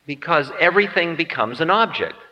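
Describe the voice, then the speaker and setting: A man teaches on the spiritual life with a lively, swooping delivery and a bright, forceful edge to his voice. He jokes at his own expense and slips into little acted voices for his stories. The sound is dull and archival, with a long hall reverb trailing every phrase. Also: fairly high pitch, fairly quick. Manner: playful, self-mocking humor; acts out quoted voices. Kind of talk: spiritual lecture.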